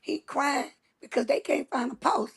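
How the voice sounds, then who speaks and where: A woman's voice: high-pitched, steady tone, normal speed, gravelly. A woman host, telling a story in casual chat, with emphatic, dramatic repetition. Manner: emphatic, dramatic retelling with repeated phrases.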